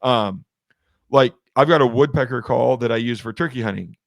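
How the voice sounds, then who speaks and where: A man's voice: medium pitch, normal speed, vocal fry, no echo. Rambling man in a dry room. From Washington state. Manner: rambling, many restarts and fillers. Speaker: guest, game call maker. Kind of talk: casual interview chat.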